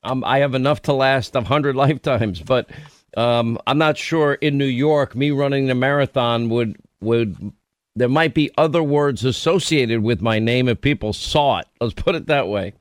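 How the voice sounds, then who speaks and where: A middle-aged man hosting talk radio in casual on-air banter. He teases and jokes at an ordinary pitch. His voice sounds dry and close, from a studio microphone. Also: normal speed, no room sound. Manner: teasing, joking. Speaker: radio talk show host.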